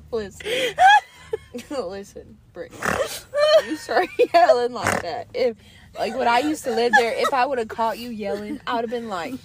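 Slow-talking high-voiced woman, giggly. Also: animated, over a noisy crowd. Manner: giggly, teasing. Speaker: podcast co-host. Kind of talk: casual chat.

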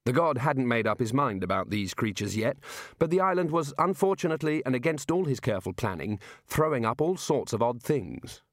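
Male audiobook narrator, measured and expressive; dry studio sound. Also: medium pitch, dry recording. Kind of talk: scripted narration.

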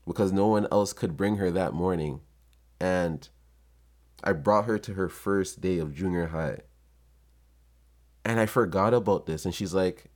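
Deep-voiced man, earnest and emotional. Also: lively intonation, moderate pace, a little mellow. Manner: earnest, emotional, swears often. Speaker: vlogger. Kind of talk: casual heartfelt monologue.

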